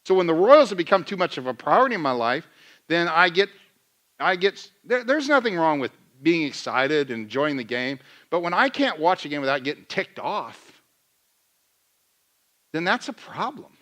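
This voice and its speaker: A man's voice: fairly high pitch, very animated, normal speed, fairly bright tone. A middle-aged man preaching a sermon in a church, conversational and self-deprecating, acting out his own rants as examples. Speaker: pastor.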